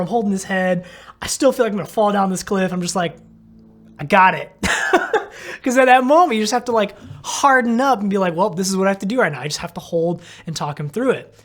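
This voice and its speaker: A man, a physical therapist, casually retelling a story and filling it with "like" while acting out his own thoughts. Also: sits high. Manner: rambling, heavy on "like", acts out his own thoughts.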